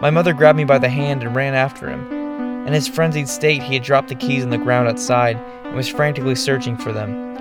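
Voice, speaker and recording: A man narrating a first-person horror story in a measured, ominous storytelling manner. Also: medium pitch, fairly even intonation. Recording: narration over music.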